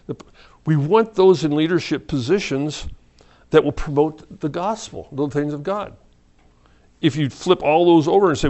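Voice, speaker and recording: A middle-aged man preaching an evening Bible study, talking in a halting, conversational way with restarts and soft laughs. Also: fairly high pitch. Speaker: pastor.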